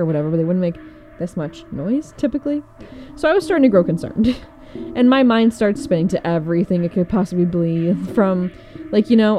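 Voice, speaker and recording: A young woman tells a story in a relaxed, rambling way, leaning on fillers and breaking into laughs. Her voice is mellow and a little dark in tone. Her pitch sits in an ordinary middle range for a woman. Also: brisk. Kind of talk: casual chat.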